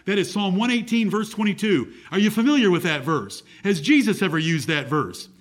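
Guy preaching a bible lesson, slightly high voice, asks the room questions, reads verses out loud. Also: expressive, a little fast, hardly any pauses. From United States. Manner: reads scripture aloud in a raised, declaiming voice, asks the audience questions. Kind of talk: Bible teaching sermon.

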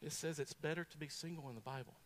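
A man preaching a sermon. He tells stories in a folksy, joking way, swinging between punchy bursts and quiet asides. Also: fairly high pitch, fast talker, slight background noise. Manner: folksy, humorous, animated storytelling.

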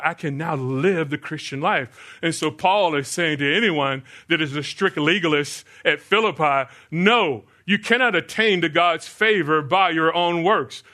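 An older American pastor preaches a sermon in a fairly high, bright, forceful voice. He poses rhetorical questions to the congregation and then answers them himself.

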